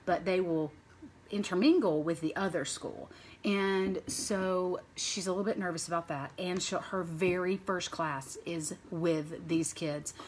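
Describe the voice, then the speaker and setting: A woman in her thirties, a mother, chats to camera in a casual vlog. Her voice sits a little low, and she rambles from one thought to the next. A faint hiss of noise runs under the recording. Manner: chatty and rambling, stringing thoughts with "and so". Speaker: mother sharing parenting stories.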